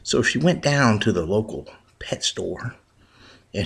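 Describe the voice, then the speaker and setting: Husky, low-voiced folksy storyteller man. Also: expressive, measured pace, long pauses, a bit bright. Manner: rambling with restarts. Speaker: joke teller. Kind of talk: folksy spoken joke.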